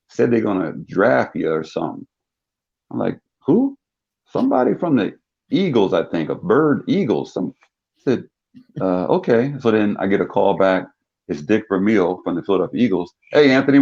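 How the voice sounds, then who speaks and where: An older man from South Jersey tells a long anecdote as a talk-show guest, acting out every voice in it. His voice sits on the low side yet leaps high with each quote. The recording sounds dull and lo-fi. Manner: animated storyteller, acts out quoted voices with big pitch jumps. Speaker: guest, former pro football player. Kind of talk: storytelling in a talk-show interview.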